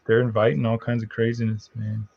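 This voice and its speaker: A man's voice: on the low side, little pitch movement, a little fast, creaky. A man in casual conversation, mostly agreeing in short replies. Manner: brief agreeing responses. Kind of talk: casual chat. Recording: dull lo-fi stream audio.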